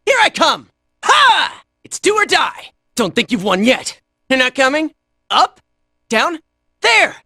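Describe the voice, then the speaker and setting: A brash young video game fighter, played by a woman, trades quick shouted battle cries and smug taunts. The voice sits very high and swings widely in pitch. It is recorded close and dry, with no room around it. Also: sing-song, no echo, full character voice. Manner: shouted short battle cries, cocky and jokey.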